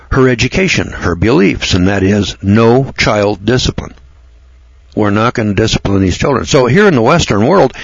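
A man's voice: mid-range voice, dry recording. A man giving a blunt, rambling, opinionated monologue, mocking and repeating words as he goes. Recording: dull lo-fi recording, dry.

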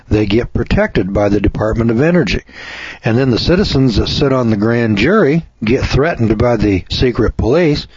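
Ranting husky-voiced male radio host. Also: mid-range voice, darkish tone, dry recording. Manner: folksy, ranting, mocking voices. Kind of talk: opinionated editorial monologue. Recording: dull lo-fi radio recording.

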